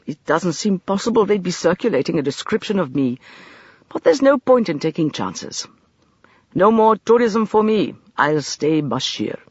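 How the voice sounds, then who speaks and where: A man's voice: high-pitched, sing-song, normal speed, slightly rough, dry recording, muffled recording, heavily acted. An audiobook narrator voicing a practical adult man who speaks in a dry, matter-of-fact way. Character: practical adult male travel companion. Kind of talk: audiobook character reading.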